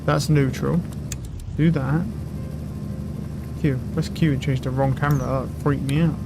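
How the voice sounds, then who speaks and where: A young man streaming a game, talking loudly and excitably with lots of swearing to his chat and a friend. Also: medium pitch, a little slow, creaky, background noise. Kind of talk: casual live-stream commentary. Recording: game music loud behind voice. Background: game music.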